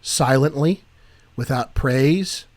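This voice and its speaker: A man's voice: mid-range voice, takes it slowly, a little mellow. A man in a mid-range voice co-hosting a Christian talk podcast. He jokes with rising energy, then turns earnest and preachy. He speaks casually to his co-host. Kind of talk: casual faith chat.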